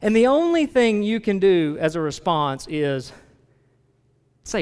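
A man's voice: high voice, big pitch swings, measured pace, darkish tone, smooth. A man preaching a conversational sermon to a congregation, asking them questions directly and often restarting his phrases. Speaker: pastor. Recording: long reverb of a large hall.

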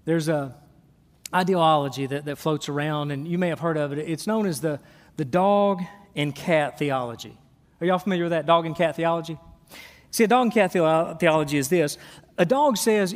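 A middle-aged pastor preaches with animation, acting out little everyday scenes. His voice sits high for a man and swings between soft asides and raised points. A long church-hall reverb trails each phrase. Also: normal speed. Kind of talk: sermon.

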